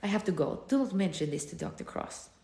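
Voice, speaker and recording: A hoarse woman voicing a secretive, guilt-ridden female nurse in a plain read-aloud, low-key and earnest. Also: lively intonation, fairly quick, dark tone. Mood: grave. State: hoarse, losing her voice. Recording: roomy echo.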